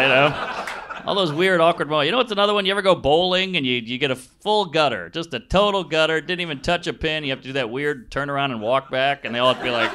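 Quick and lively, this man's voice sits on the high side as he riffs through improvised stand-up on a club stage. His jokes are crude, blunt and self-deprecating, aimed at working the crowd. The live recording carries the sound of a laughing audience.

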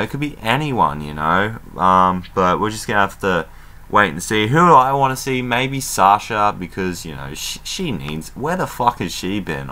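A man casually recapping a wrestling show as an excitable fan, chatty and loose, with plenty of fillers and some swearing. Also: low-pitched.

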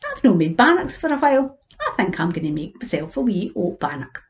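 A woman's voice: medium pitch, big pitch swings, brisk, highs cut off, close to an everyday voice. A woman storyteller with an Ayrshire Scots accent voicing an old wife musing about baking bannocks. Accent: Scottish, Ayrshire. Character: old Scottish wife planning to bake.

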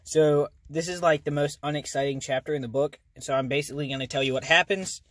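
A man's voice: on the high side, fairly even intonation, quick pace. Earnest man reading a story aloud. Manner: earnest reading, casual when summarizing. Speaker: audiobook reader. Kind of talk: amateur audiobook reading.

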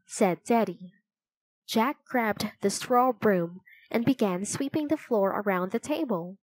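Woman narrating a storybook, very slow, clear, dry close sound, middle pitch. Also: animated, dry recording, rough recording. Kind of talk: reading a children's chapter book aloud.

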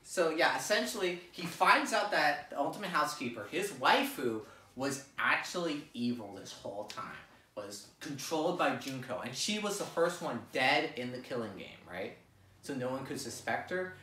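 Recapping a story for friends at a fan lecture, a young man rambles in crude slang and acts out the characters with animated quoted voices. His mid-range voice moves at normal speed, distant in an echoey room with slight background noise.

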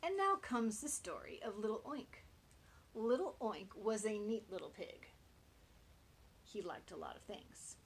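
Teacher reading storybook to kids, slow and expressive, mid-pitched woman. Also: a little hiss or hum. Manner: expressive, talks to young children. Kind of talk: reading a picture book aloud to children.

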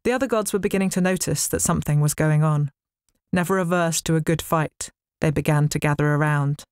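A woman's voice: low voice, fairly quick, darkish tone, clear, resonant tone, dry recording. A woman author reading her own novel aloud in a studio, with wry storytelling. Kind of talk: dramatic book reading. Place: recording studio.

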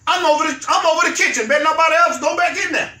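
A male pastor, preaching a fervent sermon that rises to shouts and repeats its phrases. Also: extremely high pitch, racing. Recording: echoey room, mic far off.

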